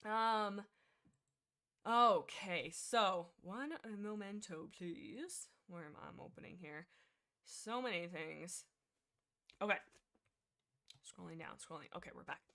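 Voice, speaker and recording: A woman hosting a livestream, chatting casually in a rambling, excitable way with lots of restarts. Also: medium pitch. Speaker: livestream host.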